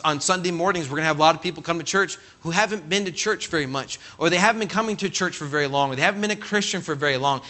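A man's voice: fairly high pitch, racing, hardly any pauses. A man from California, an assistant pastor, preaching a conversational sermon full of stories and calling out "Amen?" to the congregation. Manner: animated, acts out quoted voices, calls "Amen?" to congregation.

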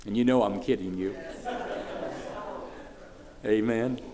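A man in his sixties, a pastor preaching a sermon in church, folksy and plain-spoken, swelling loud for praise and then dropping low and soft. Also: steady tone, slow, noisy background. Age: 60s.

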